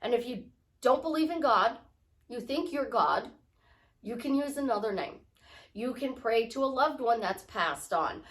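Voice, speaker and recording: A woman's voice: on the high side, expressive, a little slow. Chatty woman life coach. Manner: chatty, rambling, acts out little dialogues. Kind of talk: casual spiritual talk to camera.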